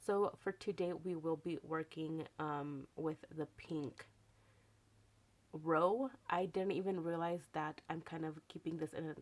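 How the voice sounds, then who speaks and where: A young woman with a raspy morning voice, chatting casually through a makeup tutorial and correcting herself as she goes. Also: sits low, steady tone, a little slow, a little mellow. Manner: chatty, rambling, self-correcting. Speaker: beauty vlogger.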